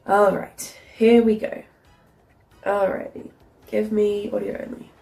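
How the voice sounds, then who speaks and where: A woman's voice: mid-range voice, little pitch movement, measured pace, creaky, dark tone, faint music behind. A young woman chatting casually at home, rambling with lots of "like" and casual swearing. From Australia. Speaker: streamer. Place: home room, then kitchen.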